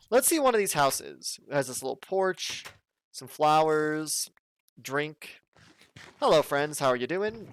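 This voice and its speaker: A man's voice: on the high side, creaky, a bit bright. Chatty man narrating a game. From southern United States. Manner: chatty, jokey, thinking aloud. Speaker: let's play host. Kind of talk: casual gameplay commentary.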